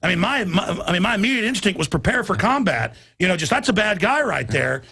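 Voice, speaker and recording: Man, middle-aged, talk show host, gravelly voice, slightly high pitch, heated, stammering restarts. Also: big pitch swings, fast talker, pushed and bright, no room sound. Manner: emphatic, ranting, stammers and restarts. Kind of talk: heated talk-radio conversation.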